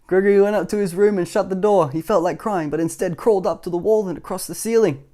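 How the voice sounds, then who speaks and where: A man reading a children's picture book aloud, gently, with chuckling asides. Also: high-pitched, fast talker.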